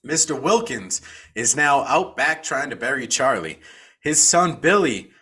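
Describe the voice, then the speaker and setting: A man's voice: medium pitch, expressive, measured pace, bright, forceful tone, breathy edge. A man co-hosting a podcast, recapping a film in a casual, profane storytelling way. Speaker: podcast co-host.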